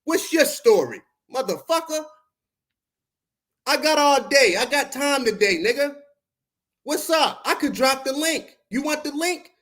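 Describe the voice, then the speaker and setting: Confrontational, high-voiced podcast host. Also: male voice, animated, measured pace, fairly bright tone. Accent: Baltimore. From Baltimore. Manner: confrontational, profane, preachy street talk. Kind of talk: heated livestream rant at chat.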